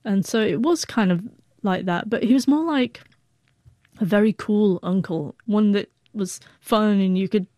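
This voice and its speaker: A woman's voice: medium pitch, unhurried, warm tone, no room sound, clean studio sound. A woman in her forties, a guest telling a heartfelt personal story, who stutters and breaks off the starts of words. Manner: heartfelt, reflective.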